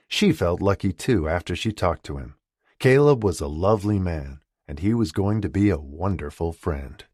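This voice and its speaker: A man narrating an audiobook romance in scripted narration, expressive and shifting voices for characters. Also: deep voice, moderate pace, slightly rough, no echo, clean studio sound. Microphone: close studio mic.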